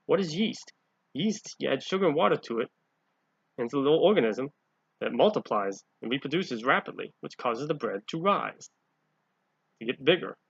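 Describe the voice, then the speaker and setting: A man's voice: medium pitch, gravelly, fairly bright tone, husky, dry recording. A man reading Bible passages aloud and explaining them as a lay preacher, often growing emphatic. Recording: dull, lo-fi home recording.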